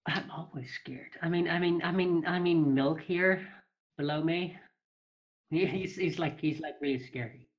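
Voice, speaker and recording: A woman's voice: deep voice, measured pace. A woman being interviewed on a casual podcast call, hesitant and nervous, often repeating her words. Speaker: interview guest.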